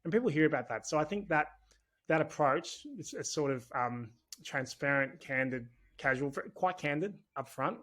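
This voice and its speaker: His voice sits a little high and sounds pushed and bright, moving at a moderate pace. He's an Australian business owner on a podcast, and the casual conversational interview draws out a chatty, candid, rambling style.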